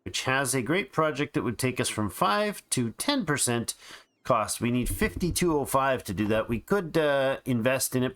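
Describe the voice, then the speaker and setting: A man's voice: mid-range voice, a bit bright. A tired man hosting a let's play, thinking aloud in casual game commentary with frequent restarts. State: tired and yawning.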